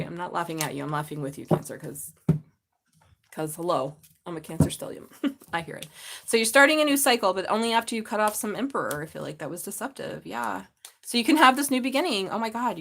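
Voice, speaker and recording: A woman's voice: medium pitch, fairly bright tone. Middle-aged woman reading tarot live; bubbly, foul-mouthed, talks straight to her viewers. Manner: chatty and profane, laughs often, gushes at viewers. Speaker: tarot reader.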